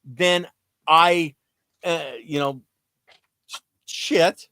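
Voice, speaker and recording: A man's voice: a little high, fairly even intonation, drawn-out words, sharp tone, clear, resonant tone, dry recording. A man co-hosting a gardening livestream, chatting casually and explaining things in plain everyday terms.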